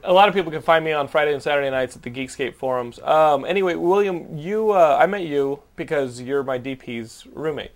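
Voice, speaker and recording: A man's voice: fairly high pitch, a little fast, few pauses. A man hosting a podcast in a studio, chatting casually and jokingly with many fillers. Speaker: podcast host. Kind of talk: casual chat.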